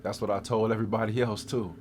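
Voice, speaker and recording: A man's voice: on the low side, little pitch movement, fast, a little mellow, a little hiss or hum. A man telling his own life story as a guest, in streetwise slang with vivid, dramatic retelling. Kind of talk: first-person life story.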